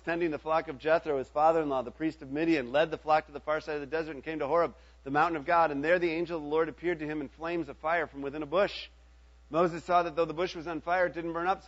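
A man's voice: a little high, dull audio. A middle-aged man preaching a sermon in a conversational way, often checking in with his listeners. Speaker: pastor.

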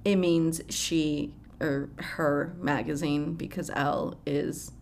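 A woman's voice: low voice, steady tone, slow pace, vocal fry, a little mellow, a little hiss or hum. A young woman hosting a casual pop culture chat, swearing freely and laughing often. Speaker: pop culture podcast host. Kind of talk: casual celebrity news chat.

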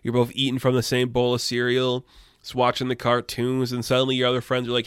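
A man's voice: medium pitch, completely flat delivery, fast talker, fairly bright tone, smooth, no echo, clean studio sound. A young man talking loosely and irreverently in a casual opinion monologue, swearing now and then. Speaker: commentator.

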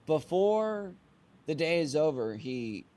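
A young man, a singer-songwriter guest on a podcast, telling a casual anecdote in an animated way and acting out the dialogue. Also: medium pitch, moderate pace. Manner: animated, acts out quoted dialogue.

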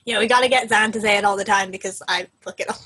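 A woman's voice: mid-range voice, fairly even intonation, quick pace, bright, forceful tone, slightly rough. A young woman in her twenties, co-hosting a podcast in chatty, casual talk and laughing often. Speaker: podcast co-host. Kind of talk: casual chat.

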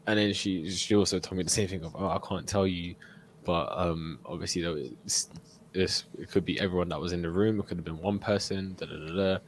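A young man tells a long story and slips into the voices of the people in it, laughing as he goes. His voice sits very low, and a faint hum of room noise runs under it. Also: fairly quick. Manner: animated storyteller, acts out quotes, laughs often. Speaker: podcast co-host. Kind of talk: casual storytelling chat.

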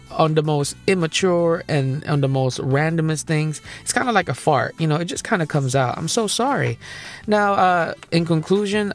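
A young man hosting a comedy podcast. He tells stories in an animated, repetitive way and laughs at his own jokes. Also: fairly high pitch. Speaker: podcast host. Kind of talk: comedic monologue.

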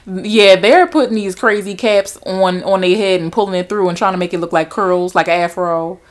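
A woman co-hosting a podcast, agreeing and adding quick quips in casual chat. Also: mid-range voice. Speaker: podcast co-host.

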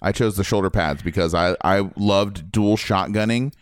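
A man's voice: deep voice, moderate pace, no room sound, clean studio sound. A man in a casual game discussion, recounting scenes animatedly and swearing casually.

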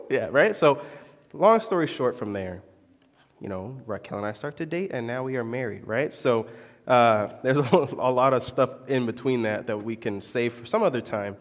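A young adult man and pastor telling a personal story in a sermon, animated, confessional and poking fun at himself. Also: mid-range voice, normal speed. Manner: animated, confessional, self-mocking. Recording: long echo of a large hall.

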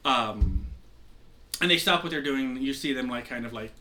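A man's voice: medium pitch, expressive, normal speed, sharp tone. A young man narrating a tabletop game as game master, rambling with lots of fillers. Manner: rambling, heavy use of "like" fillers.

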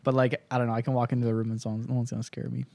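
A man's voice: medium pitch, flat delivery, rapid-fire, vocal fry, a little mellow, no echo. A young man co-hosting a podcast in casual chat, laid-back and swearing freely, telling stories with voiced impressions. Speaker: podcast co-host.

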